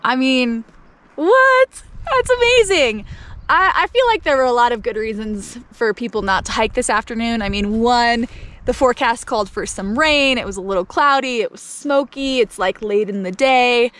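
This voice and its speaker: A woman's voice: a little high, lively intonation, normal speed, a bit bright. A young woman vlogging casually outdoors by a mountain lake, chatty and upbeat, talking to the camera and giving commands to her dog. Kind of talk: casual vlog talk to camera.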